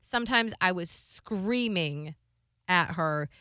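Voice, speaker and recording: A woman in her thirties telling a personal story in casual conversation, animated and acting out quotes with lots of "like.". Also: lowish voice, slow pace, clean tone, no echo, clean studio sound. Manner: animated, acts out quotes, many "like"s. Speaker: guest sharing a personal story.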